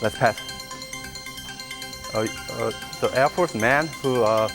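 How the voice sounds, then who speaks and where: Halting, very slow male quiz contestant. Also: mid-range voice, over music. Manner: halting, many fillers while searching for words. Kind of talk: giving clues in a speed quiz.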